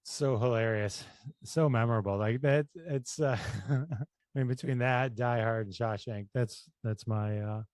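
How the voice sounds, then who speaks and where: A man hosting an interview podcast, enthusiastic and quick to laugh. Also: medium pitch, darkish tone, no echo. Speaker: podcast host. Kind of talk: interview chat.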